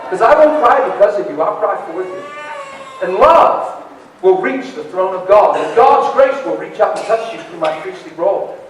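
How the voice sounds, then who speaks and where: A man's voice: high voice, lively intonation, moderate pace, slight background noise. A man preaching a sermon in an emphatic, conversational way, speaking directly to a crowd. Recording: echoey hall from far off.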